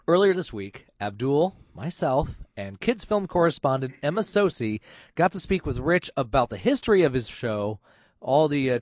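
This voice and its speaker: A man's voice: medium pitch, no echo. A middle-aged man from Michigan hosting a radio show, casual and teasing. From Flint, Michigan. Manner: jokey, teasing. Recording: dry, dull radio sound.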